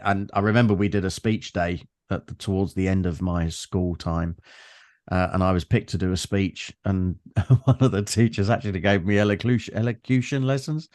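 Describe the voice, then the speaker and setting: A man's voice: deep voice, darkish tone, no echo. A man in his fifties with a London accent, chatting as a podcast guest and telling stories in a reflective, meandering way with lots of fillers. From London, England. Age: 50s. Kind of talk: casual conversation.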